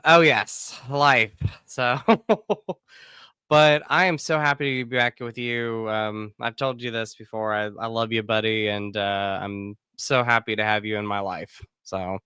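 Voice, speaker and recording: A man in his thirties, slightly hoarse, hosting a casual podcast and chatting in an animated way. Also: measured pace, no echo, clean studio sound. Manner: animated, chatty, warm greetings with pitch jumps. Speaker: podcast co-host.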